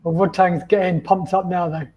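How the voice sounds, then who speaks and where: A man who coaches fighters, co-hosting a live watch-along and calmly breaking down the action. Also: high voice, moderate pace, low-quality recording. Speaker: co-host and coach. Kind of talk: casual live fight commentary.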